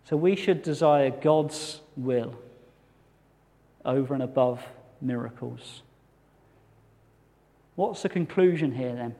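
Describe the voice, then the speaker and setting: A man preaching a sermon as a pastor, earnest and measured with touches of light humour. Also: medium pitch, mellow. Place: church hall. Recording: long hall reverb.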